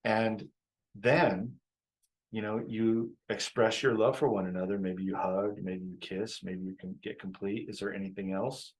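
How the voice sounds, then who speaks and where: A man with a fairly low voice gives a relaxed live-stream talk on relationships. He is reflective, often repeats his phrases, and laughs easily as he explains things. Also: a little slow, low-quality recording. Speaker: relationship coach.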